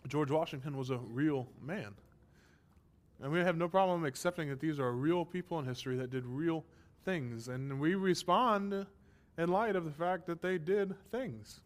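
A man's voice: a little high, a little slow. Impassioned preacher, man with a raised voice. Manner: impassioned, emphatic preaching with rhetorical questions. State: strained throat. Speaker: pastor. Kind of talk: sermon.

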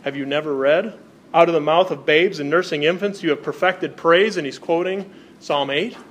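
Preacher man with a higher voice. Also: moderate pace, fairly bright tone, a little hiss or hum. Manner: reads scripture aloud, then explains it to the congregation. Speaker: pastor. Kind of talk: sermon.

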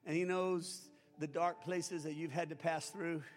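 A fairly high-voiced man preaching a sermon, with soft music playing behind him. He swings between loud calls to the room and hushed pleading. He leads the congregation in a prayer one line at a time. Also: flat delivery, a little slow, long reverb tail. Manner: alternates loud exhortation with quiet pleading. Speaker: pastor. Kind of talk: sermon with altar-call prayer.

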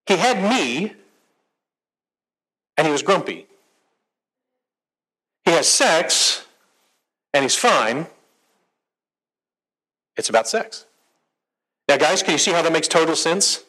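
A man's voice: on the high side, takes it slowly, pauses often, slightly rough, rough recording. Middle-aged man speaking to a conference crowd. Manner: conversational, animated, asks the audience questions. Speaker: marriage conference speaker and therapist. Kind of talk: live talk to a conference audience. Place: conference hall with a live audience.

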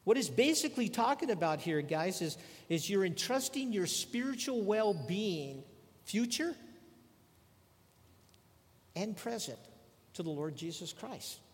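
An older man preaches to a gathered group, talking easily and throwing out rhetorical questions. His voice sits a little high for a man. A long reverb trails after his words in the hall. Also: very animated, a little slow, pauses often. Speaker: pastor. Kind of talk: sermon.

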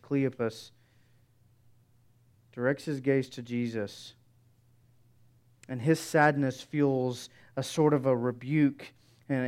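A man preaching an expository sermon in a measured, reflective way, with frequent rhetorical questions. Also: mid-range voice, a little mellow, clear, resonant tone.

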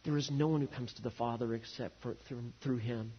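A man preaching a sermon, swinging from loud emphasis to hushed, quiet lines. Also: mid-range voice, moderate pace, few pauses, husky, dull audio. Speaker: pastor.

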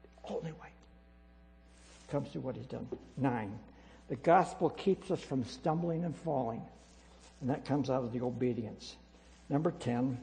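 A man preaching a sermon as pastor, emphatic and repetitive, swinging between loud declarations and quiet asides. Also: medium pitch, unhurried, vocal fry, long pauses. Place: church sanctuary. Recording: reverberant hall with mains hum.

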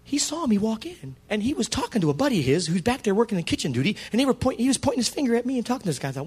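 Animated husky preacher man telling a story. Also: sits high, racing, hardly any pauses. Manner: animated, acts out dialogue with shifting voices. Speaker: pastor. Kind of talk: storytelling sermon.

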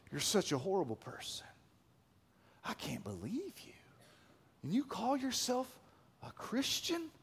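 A sly, scornful male devil who taunts and sneers at his target, voiced in a high tone for a man, as a preacher acts him out in a sermon. The voice stays pointed and needling throughout. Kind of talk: sermon illustration.

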